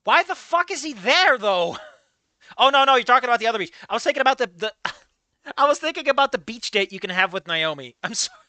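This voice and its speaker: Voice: mid-range voice, a little fast, no echo. Giggly, swearing game streamer. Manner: profane, giggly, excitable outbursts. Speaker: let's play streamer. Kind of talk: casual game commentary and reading aloud.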